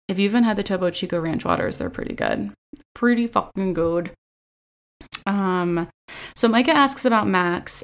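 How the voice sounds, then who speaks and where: A young woman giving a casual, profane recap of a reality show, chatty and sarcastic with lots of filler words, recorded on a phone. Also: mid-range voice. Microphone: phone selfie camera.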